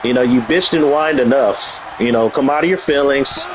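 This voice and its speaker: A man's voice: medium pitch, moderate pace, noisy background. A man streaming and chatting casually, blunt and profane, who laughs often and reads and answers his live chat.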